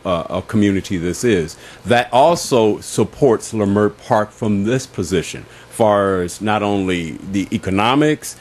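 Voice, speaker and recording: Low voiced radio cohost guy, emphatic, keeps saying right. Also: darkish tone. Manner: emphatic, backs up his partner with "right". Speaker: radio co-host. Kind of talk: casual talk radio chat.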